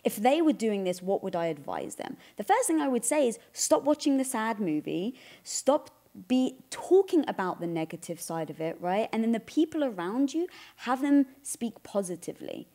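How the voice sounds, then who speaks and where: Mellow-voiced woman co-hosting a chat. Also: on the high side, very animated, normal speed, hardly any pauses. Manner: talks things through, asks questions. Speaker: co-host. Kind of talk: casual chat.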